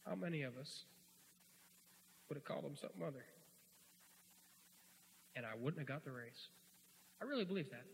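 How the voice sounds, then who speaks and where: A man preaching a sermon in a folksy, joking way, swinging from quiet asides to loud shouts, in a church. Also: fairly high pitch, animated, a little fast, creaky, pauses often, slight background noise. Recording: hall reverb.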